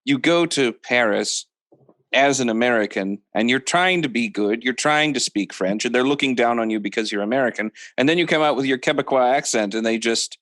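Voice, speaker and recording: A man co-hosting a comedy podcast who tells dry, deadpan jokes. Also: medium pitch, brisk. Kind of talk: casual podcast chat.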